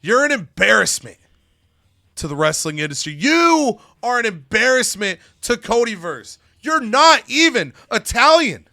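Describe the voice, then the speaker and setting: A man's voice: extremely high pitch, very animated, unhurried, creaky, sharp tone, dry recording, studio quality, faint music behind, voice pushed up, heavily acted. A man voicing a cocky, arrogant male pro wrestler delivering taunting trash talk in a game story. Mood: smug.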